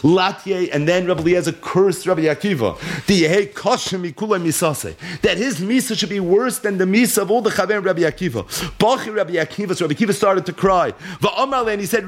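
A man teaching a Talmud lecture. He reads Aramaic text aloud, then translates it and tells the story with animated energy. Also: a little high, fast. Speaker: Torah teacher.

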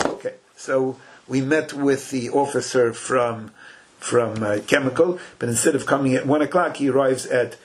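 A man's voice: medium pitch, moderate pace, slight background noise. An older man teaching a Torah class in casual English full of Hebrew and Yiddish terms, telling stories with folksy asides. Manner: animated, folksy retelling with asides.

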